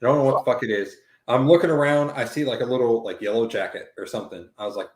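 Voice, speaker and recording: Man, casual storytelling, profane, rambling, mid-pitched voice, echoey room. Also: quick pace. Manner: profane, rambling, animated retelling with quoted dialogue. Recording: roomy echo.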